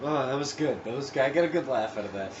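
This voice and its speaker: A man's voice: medium pitch, lively intonation, fast talker. A man hosting a podcast in casual chat, asking eager questions and breaking into laughter. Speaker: podcast host. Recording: distant, echoey, muffled and noisy.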